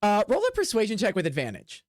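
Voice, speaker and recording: A young man serves as game master for a tabletop session, narrating the scene in a loose, chatty manner. His voice sits fairly high for a man, and it is recorded dry and close with no room echo. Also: huge pitch swings, fast. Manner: loose and chatty, with frequent restarts.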